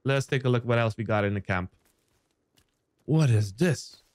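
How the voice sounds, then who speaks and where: A young man giving excitable let's play commentary on a survival game, swearing and shouting in surprise. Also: normal speed, no room sound. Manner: excitable, swears, jumps high when surprised. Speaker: gaming YouTuber.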